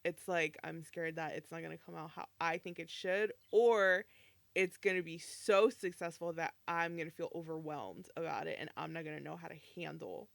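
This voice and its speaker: A woman co-hosting a podcast in casual chat, talking in a relaxed, thoughtful way and murmuring agreement often. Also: deep voice, moderate pace, creaky, no echo. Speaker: podcast co-host.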